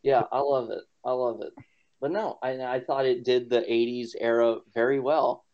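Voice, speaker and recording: In dull lo-fi podcast audio, a male co-host speaks at normal speed with a medium pitch, steady tone, and darkish timbre. His casual chat rambles along with plenty of fillers and frequent laughter.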